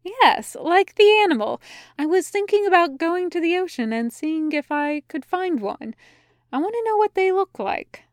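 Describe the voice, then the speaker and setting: A woman's voice: high-pitched, expressive, dry recording, clean studio sound, voice pushed up. A woman voicing a cheerful, forthright female angel. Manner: bright, brisk and exasperated.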